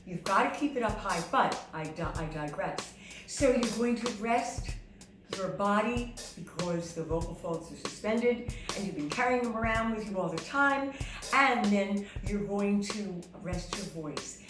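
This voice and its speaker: A woman's voice: mid-range voice, lively intonation, unhurried, reverberant, far from the mic, music in the background. A woman singing teacher giving a chatty, motherly vocal lesson, humming short demonstrations as she explains.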